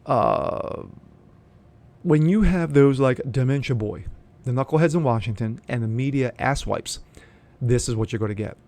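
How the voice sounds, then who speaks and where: A man with a rough, gravelly voice hosts his own commentary vlog. He reads the news aloud, then shifts into blunt, sneering opinion full of profanity. His pitch sits in an ordinary middle range for a man. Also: normal speed, darkish tone. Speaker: host of a political commentary channel.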